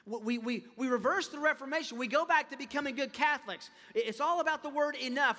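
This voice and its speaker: A man preaching a sermon as a pastor, impassioned, often repeating words and rising to loud emphatic peaks. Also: very high-pitched, lively intonation, moderate pace. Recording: long reverb of a large hall.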